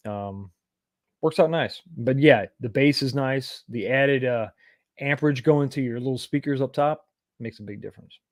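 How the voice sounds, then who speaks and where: A man's voice: medium pitch, moderate pace, no room sound, clean studio sound. A man from East Texas, hosting a casual livestream and rambling as he reads viewer comments aloud and answers them. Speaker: livestream host.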